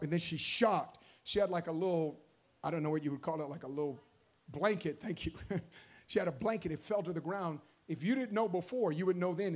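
A man preaching a sermon with passion, moving between hushed storytelling and shouted appeals. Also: high-pitched.

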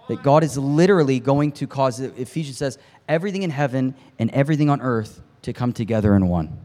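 Male preacher, storytelling sermon, builds to shouting peaks, casual asides to the crowd, long hall reverb. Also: medium pitch, fairly quick. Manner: impassioned, climbs to near shouting at peaks; conversational asides to the congregation.

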